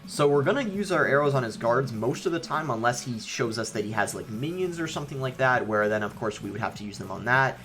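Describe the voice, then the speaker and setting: A young man talks through his gameplay in a relaxed, offhand way. His voice sits at an ordinary middle pitch, and he fills pauses with ums as he thinks aloud. Soft background music plays underneath. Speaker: gaming YouTuber. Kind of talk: live gameplay commentary.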